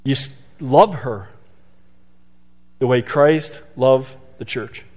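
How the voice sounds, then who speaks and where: A man preaching a sermon in a conversational way, asking rhetorical questions and slowing down for emphasis. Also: medium pitch, a little mellow. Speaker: pastor. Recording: long hall reverb.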